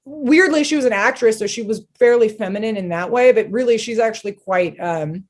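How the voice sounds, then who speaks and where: An animated, blunt woman talking as a podcast guest, her voice sitting somewhat high. She swears freely and speaks in a loose, casual conversational way. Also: brisk. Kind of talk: casual interview chat.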